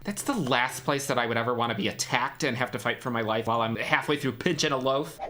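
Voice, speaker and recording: A man chatting casually and excitably, swearing freely while reacting to a film. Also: mid-range voice, fast, slight background noise. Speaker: movie reaction host. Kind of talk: casual commentary over a film. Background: faint film soundtrack music.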